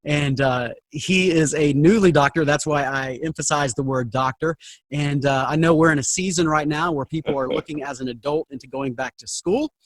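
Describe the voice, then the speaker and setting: A man's voice: fairly high pitch, moderate pace, no room sound, poor audio. A man hosting a podcast interview, upbeat and encouraging, often restarting his sentences. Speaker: podcast host.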